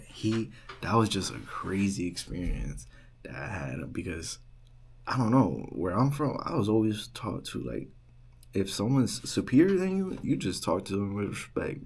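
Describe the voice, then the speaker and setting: A young man working as a resident assistant tells a storytime vlog in a casual, animated way, full of "like" and "right?". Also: low voice, husky. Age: young adult. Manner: animated retelling, heavy use of "like" and "right?".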